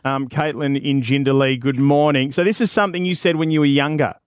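A man hosting a radio breakfast show, jokey and quick to laugh while taking calls. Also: fairly high pitch, fairly even intonation, smooth, no room sound, clean studio sound.

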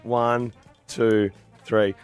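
A man's voice: fairly low pitch, level tone, extremely slow, clean tone, soft background music. A man with an Australian accent hosting a radio show, chatting in a jokey, blokey way and calling everyone mate. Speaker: radio host. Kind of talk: casual radio banter.

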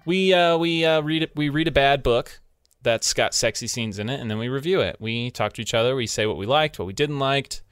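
A man's voice: mid-range voice, fairly quick, fairly bright tone, clear, resonant tone, no echo. A man hosting a casual podcast, chatting in a joking, dry way with filler words. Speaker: podcast host.

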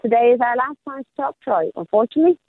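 A woman's voice: fairly high pitch, animated, quick pace, no echo. Upbeat woman life coach on the phone. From Australia. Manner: upbeat and motivational. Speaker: radio life coach segment guest. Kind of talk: casual radio talk. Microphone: phone call. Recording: phone line.

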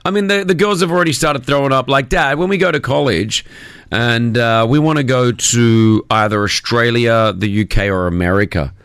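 A middle-aged man hosting a breakfast radio show, teasing his co-hosts in lively banter. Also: mid-range voice, normal speed, smooth, no echo, clean studio sound.

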